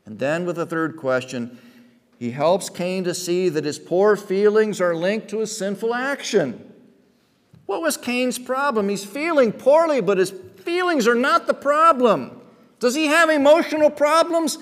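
A male pastor preaching a sermon. He moves from quiet storytelling to loud, emphatic preaching. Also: sits high, a little slow, big-room sound.

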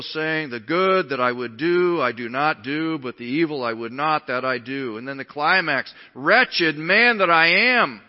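A man preaching a sermon as pastor, emphatic, swinging between sudden loud rises and quiet drops. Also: mid-range voice. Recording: dull sound with long hall reverb.

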